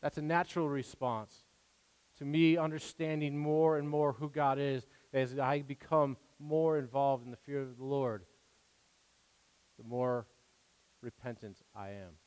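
A man's voice: mid-range voice, steady tone, unhurried, a little mellow, clean tone. A man preaching a sermon in an earnest, conversational way, stopping and restarting, acting out quoted prayers. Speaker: pastor. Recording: long hall reverb.

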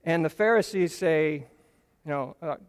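A man's voice: a little high, measured pace, big-room sound. A man preaching a Bible teaching sermon, earnest and explanatory, leaning on key phrases for emphasis.

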